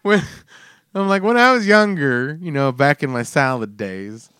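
Man, forties, smooth resonant voice, swearing storyteller, dry close sound. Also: a little high, a little slow, no room sound. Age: 40s. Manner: profane, animated storyteller acting out his own mishap. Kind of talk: casual storytelling chat.

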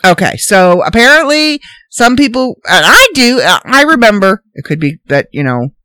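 A woman hosting a casual solo podcast, ranting in an animated, incredulous, rambling way. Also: medium pitch, normal speed, no echo. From Canada. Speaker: podcast host.

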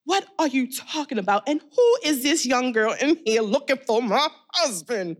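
Casting: a woman as a high-strung first lady of a church, high, swooping and demanding, in an audio drama. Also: lively intonation, moderate pace. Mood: indignant. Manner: theatrical, demanding, swoops in pitch.

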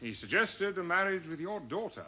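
An actor playing an ambitious, scheming courtier in a televised period drama, urgent and pressing. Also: male voice, high-pitched, big pitch swings, normal speed, sharp tone, husky, exaggerated voice. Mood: guarded. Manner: urgent, talking over her.

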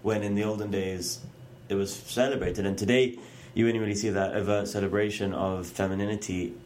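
Low-voiced guy talking things through slowly on a podcast, slight hiss. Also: fairly even intonation, a little mellow. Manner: measured, thoughtful, poses questions. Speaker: podcast co-host. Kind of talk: casual chat.

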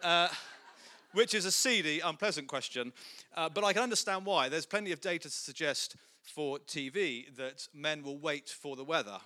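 A man's voice: on the high side, normal speed, pushed and bright. A man giving a humorous, self-deprecating talk to a church audience, full of jokey asides. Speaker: guest speaker.

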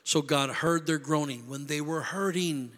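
A man preaching a sermon as pastor, building into shouted preacherly crescendos. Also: on the high side, normal speed, in a large hall. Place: church sanctuary.

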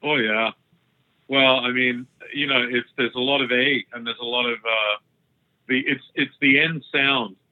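An Australian man, a guest author, chatting in a friendly, joking way during an interview. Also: mid-range voice. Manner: chatty, friendly, quick to joke. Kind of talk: casual interview chat. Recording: tinny phone-line sound.

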